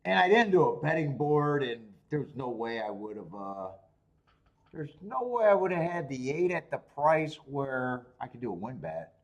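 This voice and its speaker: On a live horse racing stream, the host chats casually about his bets in a medium-pitched, sing-song voice at normal speed. He swears, restarts his sentences, and talks to himself while the races play out.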